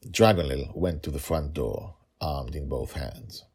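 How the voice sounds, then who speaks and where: A man hosting and narrating a fantasy story podcast, animated and chuckling between beats. His voice sits very low with a gravelly creak and a husky grain. His pitch swings widely as he tells the story. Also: a little slow.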